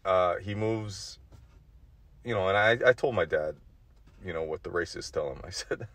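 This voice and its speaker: A man's voice: low-pitched, normal speed, pauses often, fairly bright tone, no room sound. A man in his forties telling a rambling, profane story in a casual monologue, with nervous little laughs. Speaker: vlogger.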